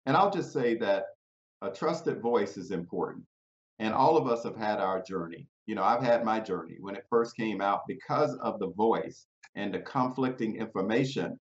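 A man speaking as a guest in an interview over a video call, measured and conversational, drawing on personal experience. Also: on the low side. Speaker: guest, head of a national cities organization. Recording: dull, roomy video call audio.

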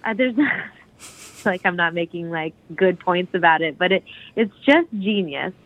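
A woman's voice: lowish voice, expressive, normal speed. A woman on a podcast, chatting casually and enthusiastically about a song, full of restarts and fillers. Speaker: podcast co-host discussing a song. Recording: dull lo-fi podcast audio.

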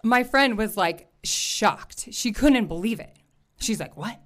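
A woman telling a personal story to an audience in an animated way, laughing often and acting out the voices of the people in it. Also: a little high, takes it slowly. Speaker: storyteller at a live event.

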